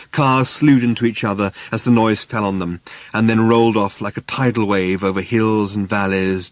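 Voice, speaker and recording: A man reading an audiobook aloud in a measured, dry storytelling manner. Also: fairly low pitch, no room sound. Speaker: narrator. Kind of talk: audiobook narration.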